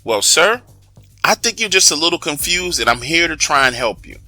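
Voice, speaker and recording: A man voicing a calm, patronizing male psychiatrist who speaks softly and slowly. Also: a little high, no echo, soft background music, heavily acted. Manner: slow, soft, measured.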